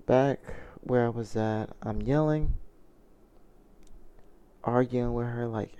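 A man's voice: mid-range voice, slow pace, long pauses, mellow, clean tone, dull audio. A man telling a personal story in a confessional vlog, earnest and reflective, often restarting his sentences. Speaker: vlogger.

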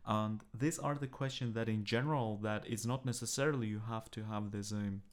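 A man's voice: on the low side, fairly even intonation, brisk. A man co-hosting a podcast in casual chat, speaking hesitantly with frequent fillers and restarts. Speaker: podcast co-host.

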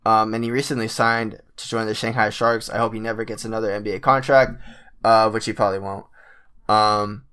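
A man's voice: lowish voice, level tone, a little fast, sharp tone, clean tone. Exasperated young man ranting while sick. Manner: exasperated, swears a lot, many fillers. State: sick, voice cracking. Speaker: basketball fan commentator. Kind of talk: casual ranting commentary.

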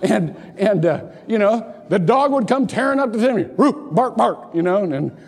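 Animated older pastor in a reverberant church. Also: male voice, high-pitched, normal speed. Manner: animated storytelling, jokey asides, repeats words. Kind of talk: sermon. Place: church sanctuary. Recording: long hall reverb.

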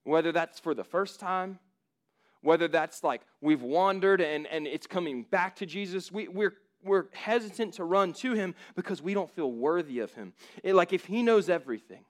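Animated, conversational male preacher. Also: on the high side. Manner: informal, emphatic, frequent "like" fillers. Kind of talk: conversational sermon.

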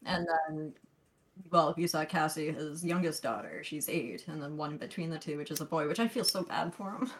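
Teasing woman with a lower voice. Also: slight background noise, poor audio. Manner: teasing, playful and quick to laugh. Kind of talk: casual podcast chat.

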